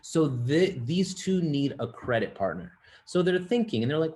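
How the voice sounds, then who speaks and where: A man's voice: on the high side, animated, normal speed, hardly any pauses, a little mellow. A man teaching real estate investing in a live online class, talking casually to his students and acting out example conversations. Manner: conversational, addresses audience, acts out example dialogue.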